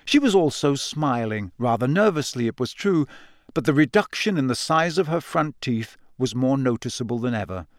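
A man narrating a storybook in a steady reading voice, raising his pitch for the girls' quoted lines. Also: normal speed, no room sound, studio quality. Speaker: audiobook narrator. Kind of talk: scripted narration.

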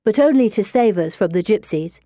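A woman's voice: mid-range voice, animated, brisk, dark tone, no echo, clean studio sound, lightly acted. A woman voicing a plain-spoken Victorian schoolgirl who talks matter-of-factly. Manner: matter-of-fact, earnest.

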